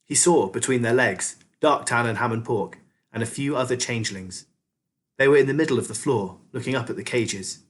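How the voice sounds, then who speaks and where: A man reading a children's novel aloud as a teacher, expressive storyteller. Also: medium pitch, a little fast.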